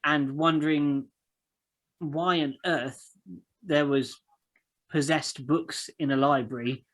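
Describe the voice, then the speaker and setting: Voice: mid-range voice, steady tone, a bit bright, low-quality recording. A game master narrating a tabletop game among friends in a loose, rambling way. The voice sits mid-range, and the description stops and restarts often around fillers. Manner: rambling, halting description with many fillers and laughs.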